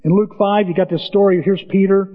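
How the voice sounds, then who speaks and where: A man preaching a sermon as a pastor, telling stories with animated delivery. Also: high voice, brisk. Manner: animated storytelling, acts out biblical voices. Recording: dull, reverberant church recording.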